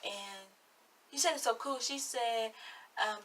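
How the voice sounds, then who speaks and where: A woman's voice: fairly high pitch, takes it slowly, pauses often, a bit bright, distant mic. An eighteen-year-old woman giving sassy, blunt, chatty commentary on a reality show in her vlog. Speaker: vlogger.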